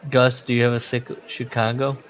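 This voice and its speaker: A man's voice: medium pitch, flat delivery, normal speed. A man with a Midwestern accent hosting a podcast, rambling through questions and often laughing. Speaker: podcast host. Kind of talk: casual chat.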